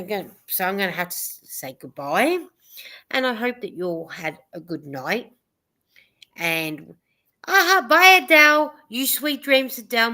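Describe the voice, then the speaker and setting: A woman's voice: mid-range voice, fairly bright tone. Rambling woman hosting a casual live chat. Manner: rambling, reads viewer comments aloud with restarts. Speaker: host of a live chat stream.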